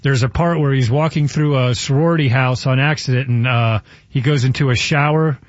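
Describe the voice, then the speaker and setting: A man's voice: medium pitch, fairly even intonation, fairly quick, no echo, lo-fi sound. A man co-hosting a radio show, chatting casually and sharing anecdotes. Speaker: radio co-host.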